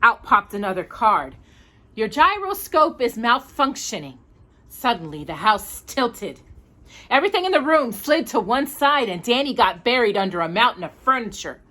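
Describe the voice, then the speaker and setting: A woman storyteller reading a picture book aloud. Her voice is bright, and her pitch moves a great deal as she animates the story. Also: moderate pace. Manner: expressive, animated.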